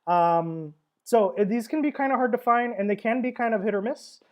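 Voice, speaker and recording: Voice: medium pitch, normal speed. Chatty wine-tasting livestream host. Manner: chatty, rambling, with frequent fillers and laughs. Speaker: wine seller hosting a tasting stream.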